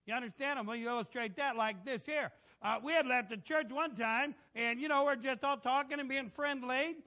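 A middle-aged man preaching a folksy, animated sermon, asking the congregation for amens. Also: very high-pitched, brisk.

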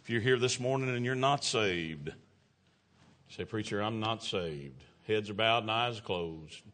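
A man's voice: on the low side, a little slow, fairly bright tone. A middle-aged man preaching an evangelistic sermon, folksy and exclamatory, telling stories and acting out the voices in them.

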